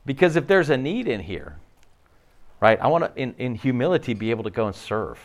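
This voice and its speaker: A pastor preaches a sermon in a conversational, animated style, frequently restarting his sentences. His voice is mid-range and a little fast.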